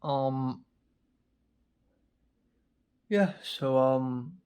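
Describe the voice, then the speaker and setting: A man's voice: medium pitch, a little mellow, clean tone. A sleepy man from Hong Kong, rambling through a casual video diary with lots of fillers. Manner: rambling, halting, many fillers. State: tired and sleepy. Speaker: vlogger.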